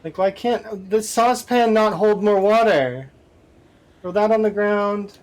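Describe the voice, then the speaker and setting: A man with a high-pitched voice streams a survival game at a measured pace, keeping up an exasperated running commentary to himself as he plays.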